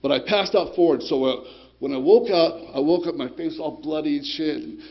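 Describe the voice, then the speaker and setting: Man, gravelly voice, rambling streetwise testimony, dull muffled recording. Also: a little high, normal speed. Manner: rambling, streetwise, swears, keeps asking "you know, right?". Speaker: speaker sharing his recovery story. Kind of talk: personal testimony to a group. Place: recovery group meeting room.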